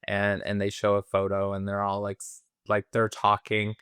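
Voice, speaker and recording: A man's voice: on the low side, completely flat delivery, normal speed, fairly bright tone, clean tone, no room sound, studio quality. A man co-hosting a film review podcast, casually retelling a plot in a rambling way, full of fillers and acted-out quotes. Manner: rambling, many fillers and restarts, acts out quotes.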